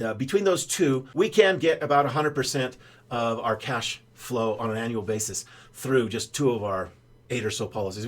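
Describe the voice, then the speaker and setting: An older man, a financial advisor, telling a rambling story in a casual straight-to-camera explainer, with a lot of "uh" fillers. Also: mid-range voice. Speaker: financial advisor pitching whole-life insurance banking.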